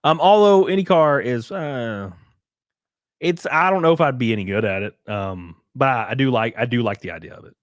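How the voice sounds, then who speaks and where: A man's voice: medium pitch, lively intonation, moderate pace, no room sound, clean studio sound. A young man from rural Alabama with a Southern accent, rambling through a casual livestream, reading chat, swearing and laughing often. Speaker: livestreamer and race car driver.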